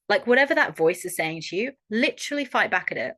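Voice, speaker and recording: A young Australian woman coaching a workshop audience in a frank, animated way and swearing freely. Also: mid-range voice, quick pace. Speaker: holistic coach. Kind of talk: online workshop talk.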